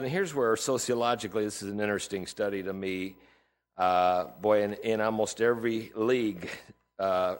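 Preacher guy in his 60s, low-ish voice, earnest and emphatic. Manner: earnest, emphatic, piling up statistics and quotes. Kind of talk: sermon.

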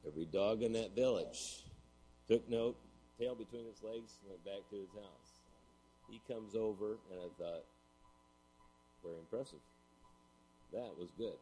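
A man's voice: lowish voice, normal speed, warm tone, slight background noise, rough recording. A middle-aged man preaching a sermon, telling a story and then building to emphatic points. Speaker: pastor.

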